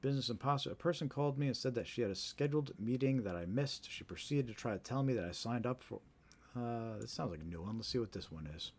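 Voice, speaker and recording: A man's voice: medium pitch, animated, fast talker. A man hosting a live stream, reading viewer reports aloud in an informal way, with fillers and restarts. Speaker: host.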